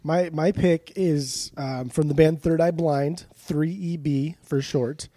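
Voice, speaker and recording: A young man chats loosely and laughs at his own riffs in a casual podcast. His voice sits a little high with a warm, mellow tone. The sound is dry and close, with no room around it. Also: steady tone, slow, dry recording. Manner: goofy, laughs often, rambling riffs. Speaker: podcast co-host. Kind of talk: casual chat.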